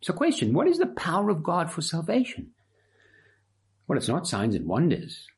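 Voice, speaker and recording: A man's voice: fairly high pitch, wildly swooping pitch, moderate pace, husky. A man preaching an expository sermon, emphatic and fond of rhetorical repetition.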